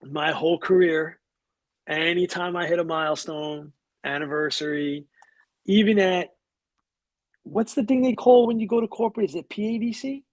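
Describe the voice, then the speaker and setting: Pitched high and moving at a moderate pace, this recording has no echo. The speaker is a middle-aged man from New York, appearing as a conversation guest, who spins casual, profane, lively stories and performs the quoted voices himself.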